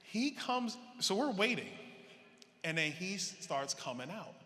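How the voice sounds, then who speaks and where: A man giving a political convention speech, telling stories to a live audience with animated energy, acting out the dialogue. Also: high voice, measured pace, slight background noise. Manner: animated, acts out quoted dialogue. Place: large convention hall. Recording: reverberant hall with faint crowd ambience.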